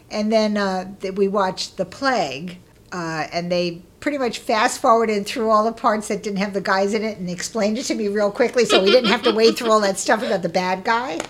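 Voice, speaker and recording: A middle-aged woman being interviewed, telling stories in a casual, lively way and acting out what people said with bursts of laughter. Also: mid-range voice, measured pace. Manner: lively, acts out quoted voices with laughter. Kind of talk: casual storytelling.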